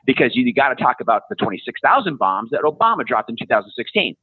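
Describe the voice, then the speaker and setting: A man in his fifties, a podcast guest, ranting bluntly in casual conversation, profane and sarcastic, often mocking people in high-pitched put-on voices. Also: sing-song, quick pace, breathy edge, no room sound. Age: 50s. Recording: tinny phone-like line.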